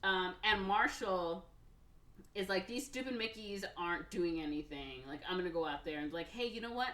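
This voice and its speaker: With a lowish, fairly bright voice at normal speed, a woman podcast co-host rambles through a film's storyline, leaning on "like" and "or whatever" and performing the characters' lines. The sound is echoey, with the mic set at a distance.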